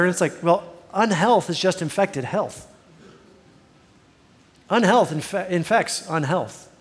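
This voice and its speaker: Earnest male pastor in a reverberant sanctuary. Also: high-pitched. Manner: earnest, conversational, self-deprecating humor. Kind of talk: sermon.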